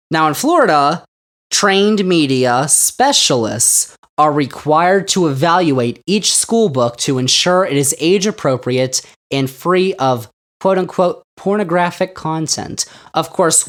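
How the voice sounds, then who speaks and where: A man hosting a podcast who comments on the news in a casual, sarcastic way, with mocking asides. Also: on the high side. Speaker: podcast host.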